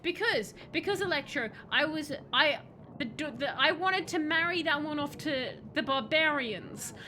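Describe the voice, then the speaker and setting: A woman's voice: high-pitched, a little slow, sharp tone, a little hiss or hum, rough recording. A woman streaming a game, chatting with viewers and reading the game's lines aloud. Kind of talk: casual game streaming chat.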